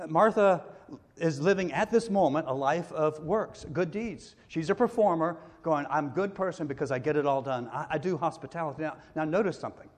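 A male pastor preaching a sermon in a conversational way, now and then acting out the people in the story. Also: fairly high pitch. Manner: conversational preaching with acted-out quotes. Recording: long hall reverb.

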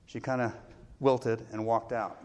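Middle-aged man, pastor, sermon delivery, personal storytelling, mid-pitched voice. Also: fairly even intonation, a little hiss or hum. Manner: storytelling, warm pauses, self-deprecating laughs.

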